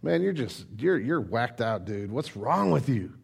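A man's voice: extremely high pitch, sing-song, slow, breathy edge, exaggerated voice. A man voicing a mocking neighbor who scoffs in slang and drags out his words.

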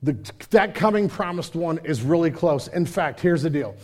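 A man preaching a casual, energetic sermon, full of slang and asides, sometimes dropping to a hushed tone. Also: a little high, moderate pace. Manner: drops to hushed intimate tone. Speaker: pastor.

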